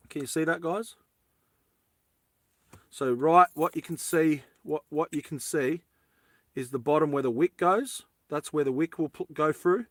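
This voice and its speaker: Chatty guy fixing a lighter, bright tense voice, wanders off topic, dry close sound. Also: fairly high pitch, no echo. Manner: rambling, self-correcting, jokey asides. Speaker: lighter repair vlogger. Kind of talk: casual how-to chat.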